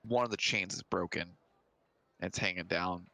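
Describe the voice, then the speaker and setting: Gravelly male game master with a dry, close sound, halting and full of fillers. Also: deep voice, bright, forceful tone, no room sound. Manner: halting, hesitant narration with many fillers. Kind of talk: narrating a tabletop game.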